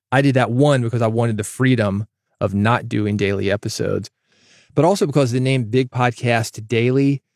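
A man hosts his own podcast as a casual solo monologue, recorded on a studio microphone in a foam-treated closet studio with no room sound. His mid-range voice has vocal fry and a slightly mellow quality, and his delivery is varied and emphatic.

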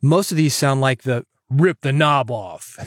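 A man hosting a podcast, giving advice in an energetic, chatty way that jokes with the listener. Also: mid-range voice, slow, no echo. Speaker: podcast host and coach.

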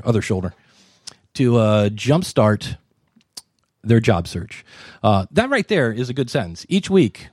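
A man's voice: medium pitch, dry recording, clean studio sound. A man hosting a live conference session, critiquing podcasts in front of an audience with jokes and asides. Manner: animated, joking and wisecracking. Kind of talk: live panel commentary.

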